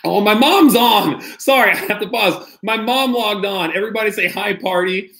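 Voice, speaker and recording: A man's voice: sits high, moderate pace, a bit bright. A man, a pastor, reading a children's picture book aloud to kids on a livestream, playful and talking straight to them. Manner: playful, talks directly to kids, mock-outraged squeals. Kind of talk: animated storybook read-aloud on a livestream.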